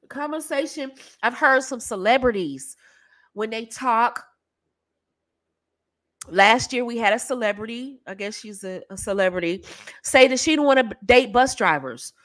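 A woman's voice: a little high, no room sound. An American woman giving casual, teasing dating advice straight to the camera, often slipping into playful demonstration voices. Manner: animated, teasing, breaks into soft sultry demo voices and laughs. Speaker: dating coach.

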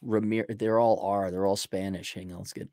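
A man's voice: fairly low pitch, little pitch movement, normal speed, dark tone, no echo, clean studio sound. A man co-hosting a livestream, joking around casually and trailing off as he thinks aloud. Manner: playful, jokey, trails off while thinking. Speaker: livestream co-host.

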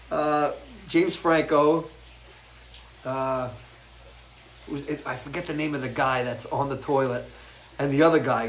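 A man hosting a casual live chat with viewers, rambling and crude, jumping from loud, animated outbursts to low mutters. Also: slight background noise, poor audio. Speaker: host.

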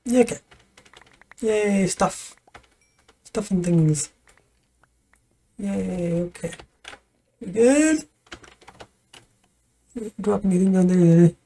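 A woman's voice: medium pitch, animated, very slow, pauses often, mellow. A woman streamer giving casual let's-play commentary, laughing nervously and talking to the game's creatures.

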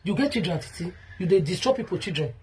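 Speaking directly to camera, a Nigerian vlogger airs her grievances over and over while confronting a rival. Her lowish voice is mellow and slightly rough, with lively intonation and a quick pace.

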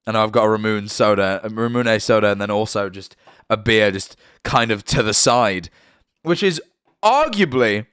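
British streamer, lively up-and-down chatter, dry close sound, average pitch. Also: male voice, dry recording. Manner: chatty and animated, swears, stumbles over names. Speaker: livestream host. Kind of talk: casual stream chat, reading out subscriber names.

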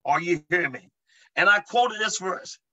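A man's voice: sits high, animated, moderate pace, bright, forceful tone, poor audio. A male preacher teaching a sermon to an online audience, emphatic and full of "amen" and calls to his listeners. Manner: emphatic, repeats "amen" and asks the audience to respond. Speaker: preacher, deliverance minister.

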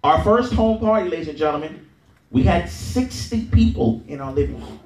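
A man with a somewhat high, animated, slightly mellow voice speaks at a moderate pace, training an audience at a sales event. He repeats himself and drills the crowd with call-and-response chants and okays. The large event room sounds echoey, with the mic placed at a distance.

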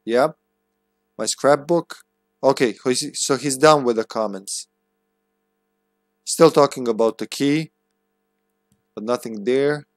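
A man's voice: mid-range voice, slow, long pauses, dry recording, studio quality. A man streaming a horror game, musing aloud, reading notes and chuckling as he plays. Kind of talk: casual gameplay commentary.

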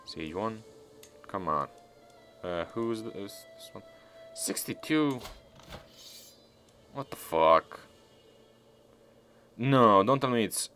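A man's voice: lowish voice, creaky, fairly bright tone. A man giving casual, profane gameplay commentary as a let's-player, talking back at the game as he plays.

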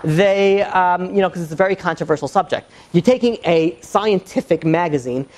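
A rabbi teaches in an informal lecture, speaking haltingly with many "you know" fillers and restarts, plus joking asides. His voice sits high and is a little mellow.

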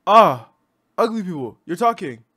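Young man, mid-pitched, brash roasting banter with frequent laughs, close desk mic. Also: expressive, normal speed, dry recording. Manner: brash, teasing, laughs often. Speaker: video chat prankster. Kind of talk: casual roasting chat. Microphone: own desk microphone.

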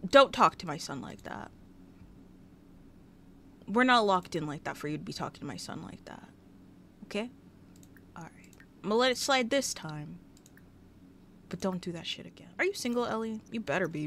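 A woman talks through a life-simulation game at her desk, speaking sassily and scolding the characters on screen. Her pitch sits at a middling level. A faint room hum runs under her headset mic. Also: moderate pace, long pauses, fairly bright tone. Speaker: gaming YouTuber. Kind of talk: casual Let's Play commentary.

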